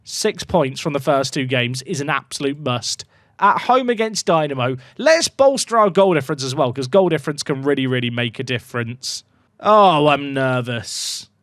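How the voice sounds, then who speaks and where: A young man commentating his own football management game at home, chatty and excitable, shouting when goals go in. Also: fairly high pitch, moderate pace, no echo, studio quality. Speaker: gaming YouTuber. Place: home room.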